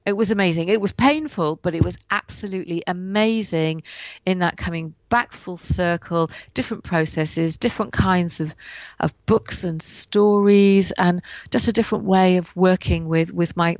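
A woman's voice: fairly low pitch, normal speed, dry recording, muffled recording. A woman writer and coach telling a personal story in an interview from home, speaking while in pain and acting out what people said. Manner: animated, acts out what she and others said.

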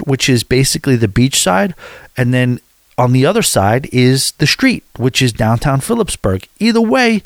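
A man's voice: mid-range voice, dry recording, studio quality. A man from the United States telling a travel story to his viewers in a casual, rambling, candid way.

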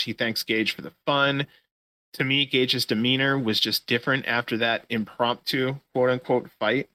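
A man hosting a casual podcast, talking through a recap in loose, profane play-by-play. His voice is bright and forceful, recorded close and dry with no room sound. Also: medium pitch, dry recording. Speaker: podcast host.

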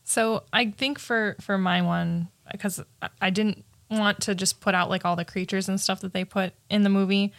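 A woman's voice: mid-range voice, fairly even intonation, normal speed, gravelly, few pauses, fairly bright tone, no room sound. A woman co-hosting a podcast, chatting animatedly about a movie and laughing often. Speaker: podcast co-host. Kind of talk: casual movie review chat.

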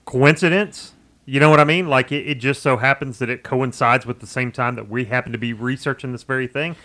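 A man co-hosting a podcast in casual chat, animated and emphatic, swearing casually. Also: medium pitch, a little fast. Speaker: podcast co-host.

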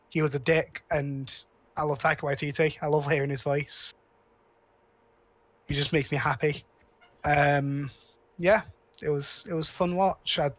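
A man's voice: a little high, fairly bright tone, no echo. A man co-hosting a podcast, rambling casually about films with lots of restarts and cheerful swearing. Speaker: podcast co-host. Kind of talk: casual chat.

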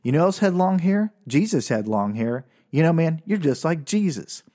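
A man's voice: a little high, sing-song, normal speed, warm tone, voice pushed up. An enthusiastic young buddy, put on by a man telling a story, agrees with everything and piles on casual slang. His voice swings up and down with energy. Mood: fired up. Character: young man's loyal friend, enthusiastic buddy.

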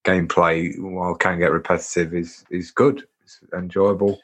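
A man's voice: low voice, level tone, normal speed, fairly bright tone. A man co-hosting a casual gaming podcast, easygoing and often repeating words as he thinks aloud. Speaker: podcast co-host, actor.

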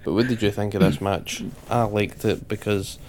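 A man's voice: lowish voice, steady tone, moderate pace, darkish tone. A man hosting a podcast, chatting casually and joking with his co-host.

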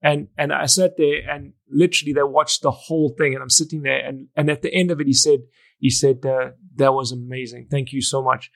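The middle-aged wedding photographer and educator speaks fairly quickly in a gravelly, somewhat high voice. Telling stories in a podcast interview, he's animated, plays out the conversations he recalls, and restarts a lot.

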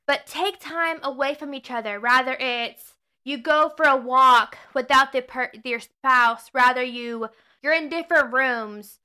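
Young woman podcast host, high bright voice, earnest preachy chat, keeps correcting herself. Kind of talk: casual faith podcast talk.

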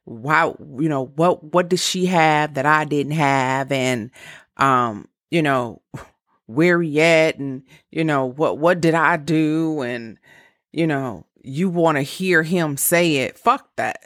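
A woman's voice: sits low, slow pace, fairly bright tone, no echo, studio quality. A woman of around fifty giving blunt, profane relationship advice in a candid casual monologue with laughing asides.

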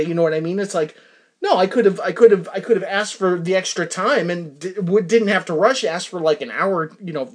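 A middle-aged American man hosting a podcast, rambling in casual chat with lots of fillers and restarts. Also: high voice. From United States. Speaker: podcast host.

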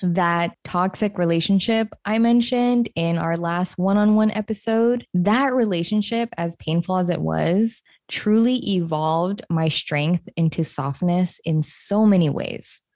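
A woman talking alone on her podcast in a slow, thoughtful monologue, leaning gently on her key words. Her voice sits a little low for a woman. The sound is close and dry, with no room around it. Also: dry recording. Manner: reflective and unhurried, with gentle stresses. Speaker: podcast host.

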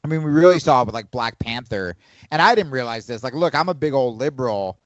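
A man in casual podcast chat, animated and profane, rambling through his opinions. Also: mid-range voice, fast talker, no echo, highs cut off.

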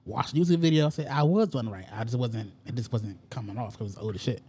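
A man's voice: medium pitch, fast talker, a little mellow, slightly rough. A young adult man hosting a casual talk show, telling stories in a profane, exasperated way. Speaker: podcast host. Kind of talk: casual chat.

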